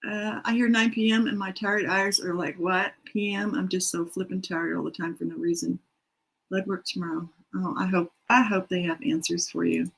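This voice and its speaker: This middle-aged woman speaks in a mid-range voice at normal speed, hosting a writing sprint stream from a room in her home. She chats casually, reads comments aloud, and rambles with self-deprecating asides, all captured in poor audio.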